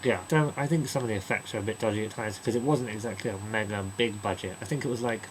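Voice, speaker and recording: A man giving a casual spoken film review, rambling and chatty, slipping into quick mocking impressions of characters. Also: lowish voice, background noise. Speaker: movie reviewer.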